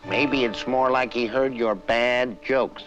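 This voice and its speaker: A man's voice: medium pitch, steady tone, slow, dull audio, close to an everyday voice. A man voicing a sneering, bossy male ventriloquist dummy in an old TV drama. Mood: mocking. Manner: bossy, scornful. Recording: old TV audio with music. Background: music.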